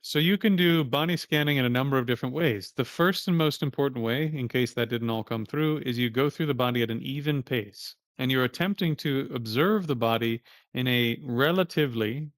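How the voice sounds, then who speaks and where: A man's voice: mid-range voice, fairly quick, hardly any pauses, no echo, clean studio sound. Casual plain-spoken male meditation teacher. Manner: casual, plain-spoken, curses now and then. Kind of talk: livestreamed meditation class.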